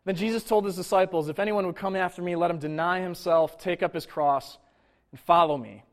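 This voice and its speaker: A man preaching a sermon in a conversational way, with casual asides and quick mock voices. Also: sits high, fairly even intonation. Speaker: pastor.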